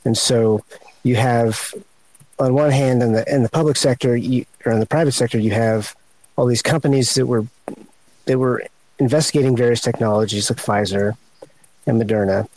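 A man answering a question on a panel, speaking haltingly and pausing to search for words. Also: mid-range voice, steady tone, a little mellow, rough recording. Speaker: panel guest.

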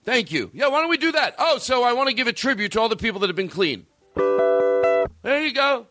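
Excitable, profane man hosting a podcast. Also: very high voice, quick pace, no echo, faint music behind. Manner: profane, excitable, bursts into shouting. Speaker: podcast host. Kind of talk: casual studio chat. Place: recording studio.

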